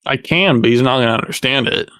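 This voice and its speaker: A man's voice: medium pitch, fast talker, pushed and bright, smooth. A man playing a tabletop game, talking in a rambling way with many fillers. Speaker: player. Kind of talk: casual chat at a gaming table.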